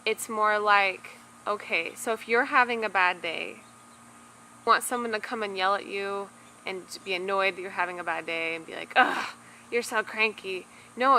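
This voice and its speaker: A woman's voice: mid-range voice, pushed and bright, slight background noise, low-quality recording. A young adult woman casually reviewing a parenting book to camera, talkative, with lots of fillers and restarts.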